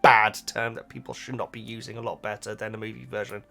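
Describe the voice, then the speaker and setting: A man's voice: fairly low pitch, level tone, quick pace, creaky, bright, forceful tone, soft background music. A man chatting casually as a YouTuber answering viewer comments, often stumbling and correcting himself. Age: adult. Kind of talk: casual reaction chat.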